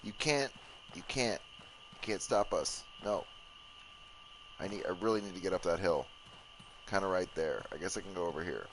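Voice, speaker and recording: A man's voice: deep voice, brisk, long pauses, a little hiss or hum, rough recording. A man giving casual gaming commentary, joking, swearing and mocking himself as he plays. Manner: profane, joking and self-mocking. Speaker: let's play gamer.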